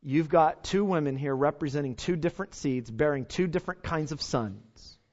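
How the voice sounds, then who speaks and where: A man's voice: fairly high pitch, moderate pace, darkish tone. A male pastor, preaching an earnest sermon and putting rhetorical questions to his congregation, on a dull lo-fi recording.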